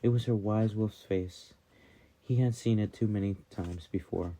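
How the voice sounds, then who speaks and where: A male narrator reads a fantasy novel aloud in a calm, steady way. His voice is low, very dark and mellow. The reading is even and unhurried. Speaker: audiobook narrator. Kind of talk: fan audiobook narration.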